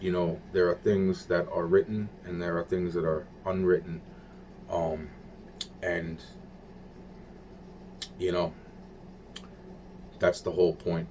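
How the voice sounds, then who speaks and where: A man's voice: sits low, a little mellow, slight background noise. A man talking in a rambling, repetitive monologue, swearing and searching for words.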